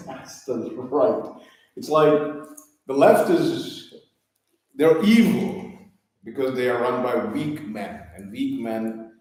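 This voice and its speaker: A man's voice: mid-range voice, slow, pauses often, darkish tone. A man delivering a blunt, emphatic, mock-serious comic monologue. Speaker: comedic host. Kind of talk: comedic monologue. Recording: echoey room, distant mic.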